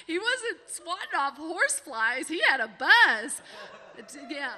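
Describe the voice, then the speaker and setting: A woman in her forties telling a personal story on stage to a small live audience, animated and often laughing. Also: high-pitched, slow, in a large hall, background noise. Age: 40s.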